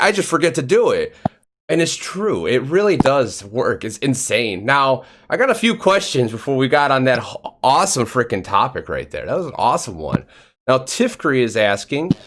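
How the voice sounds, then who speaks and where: Lively, animated male podcast host. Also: noisy background. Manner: animated storytelling, acts out quotes in a higher voice. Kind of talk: casual live interview chat.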